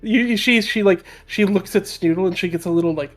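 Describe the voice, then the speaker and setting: A woman's voice: mid-range voice, fairly quick, soft background music. Hesitant woman player. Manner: hesitant, full of fillers. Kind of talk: tabletop role-play.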